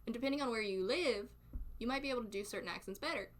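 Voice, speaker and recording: A woman's voice: a little high, rapid-fire. A young woman with a Southern US accent chatting casually on a live stream, rambling and laughing often. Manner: giggly, rambling, frequent laughter. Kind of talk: casual chat.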